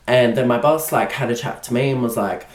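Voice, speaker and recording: A man's voice: medium pitch, a little fast. Chatty young man telling a story. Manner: chatty, heavy on "like", acts out quoted people. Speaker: vlogger. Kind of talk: storytime vlog. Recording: roomy echo.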